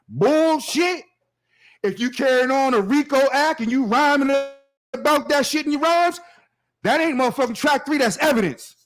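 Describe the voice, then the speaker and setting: A man's voice: extremely high pitch, brisk, a bit bright. A man in casual podcast debate, talking emphatically and profanely as he builds his point.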